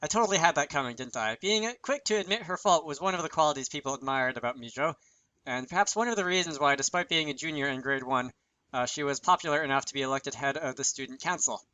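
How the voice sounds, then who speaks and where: A man's voice: fairly high pitch, fast talker, pushed and bright. A man hosting his channel, reading a visual novel aloud and breaking off for chatty, self-deprecating asides. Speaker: channel host.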